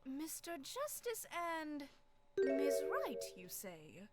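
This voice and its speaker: Woman doing a prim strict pony headmistress, high lively voice, game music loud behind. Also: very slow, full character voice. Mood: gracious. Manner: formal, prim. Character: stern, proper pony headmistress, middle-aged.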